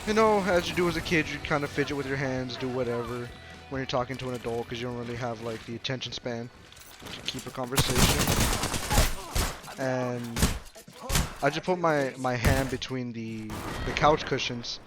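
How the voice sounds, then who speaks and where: A man's voice: medium pitch, moderate pace. Young male storyteller, mid-range voice, loose rambling delivery over background music. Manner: rambling, full of fillers and restarts. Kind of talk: casual story time.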